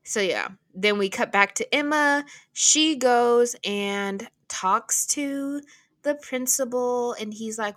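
A woman's voice: a little high, takes it slowly, fairly bright tone. A young adult woman co-hosting a podcast, recapping an episode in casual chat with a sarcastic, giggly manner. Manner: sarcastic, giggly, talks over her co-host. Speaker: podcast co-host.

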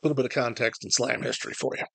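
A man's voice: mid-range voice, very fast, vocal fry. A man hosting a podcast, talking casually about a poetry slam and a bit crude. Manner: conversational, relaxed, a bit crude. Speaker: podcast host. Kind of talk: casual storytelling.

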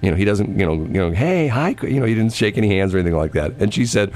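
A man's voice: sits low, racing, darkish tone. A man hosting a morning radio show, telling stories in casual on-air chat with a rambling, stammering manner. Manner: rambling storyteller, stammers and repeats words. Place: radio studio.

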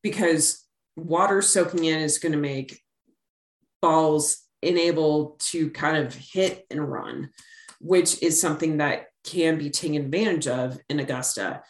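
Low-voiced woman chatting sports. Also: measured pace, roomy sound. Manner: chatty, rambling with fillers. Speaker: podcast co-host. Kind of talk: casual sports chat.

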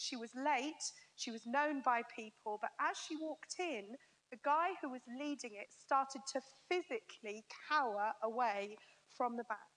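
A woman telling a story as a sermon to a women's gathering, lively and acting out what people said. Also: a little high. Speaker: Christian speaker. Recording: long reverb of a large hall.

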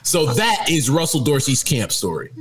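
A man recounts a story from his childhood in a lively, up-and-down voice that sits a little high for a man. He laughs through it and gets loudly indignant when his friend pushes back. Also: moderate pace, poor audio. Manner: animated, laughing, indignant protests. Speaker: storyteller guest. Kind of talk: casual storytelling chat.

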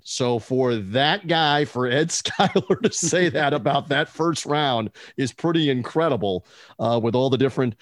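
A man's voice: mid-range voice, measured pace, dry recording, clean studio sound. A man hosting a podcast, telling stories in an enthusiastic, rambling casual chat. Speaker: podcast host.

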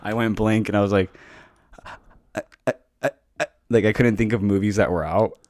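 Low-voiced young man rambling through a story. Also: steady tone, normal speed, darkish tone, dry recording, studio quality. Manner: rambling storyteller, many fillers and restarts. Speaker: podcast co-host. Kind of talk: casual chat.

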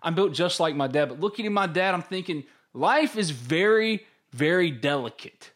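This man co-hosts a casual sports podcast, speaking at a normal speed in a slightly high voice. He's candid and animated, telling stories in which he acts out his own inner voice.

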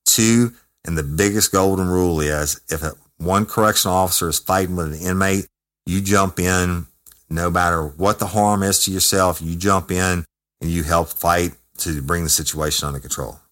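A man with an extremely low, deep voice tells a story casually. He talks in a blunt, profane, emphatic way, punching out words as he goes. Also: moderate pace. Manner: profane, emphatic, animated retelling. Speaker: former correctional officer telling a story.

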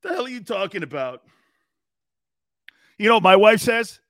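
A middle-aged man hosting a sports talk radio show, loud and joking, laughing often as he rambles. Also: high-pitched, sing-song, normal speed, no room sound, clean studio sound.

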